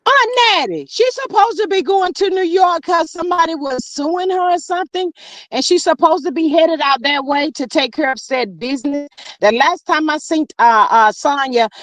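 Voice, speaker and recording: A woman's voice: high voice, fairly bright tone, no room sound, poor audio. A woman hosting a casual livestream gossip chat, talking straight to her viewers. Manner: chatty, addresses viewers as y'all. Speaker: host.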